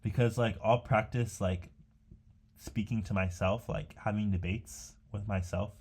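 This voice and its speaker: A man's voice: on the low side, fairly even intonation, measured pace, a little mellow, breathy edge. A young man rambling casually to himself while painting, chatty and meandering with many fillers and restarts. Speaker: art vlogger.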